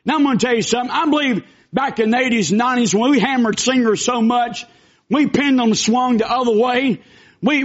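A man preaching a fervent, folksy sermon as a pastor, with bursts of shouting. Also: extremely high pitch. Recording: dull lo-fi recording.

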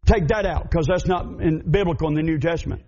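A man with a Southern American accent preaching a fervent sermon, emphatic and building up to shouts. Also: on the high side, fast, highs cut off.

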